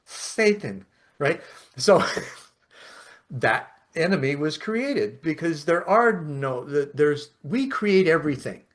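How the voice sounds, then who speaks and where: A man hosting a podcast, telling stories in a casual, animated way and laughing often. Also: a little high, takes it slowly. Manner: animated storyteller, acts out quotes, laughs often. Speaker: podcast host. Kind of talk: casual conversation, storytelling.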